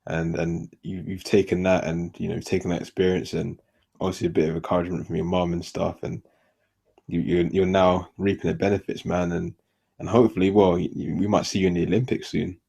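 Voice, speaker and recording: A man hosts a casual podcast interview in a very deep, husky voice. His tone is dark and mellow. He talks in a laid-back, friendly way and keeps addressing his guest as "man". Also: level tone, a little fast. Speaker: podcast host.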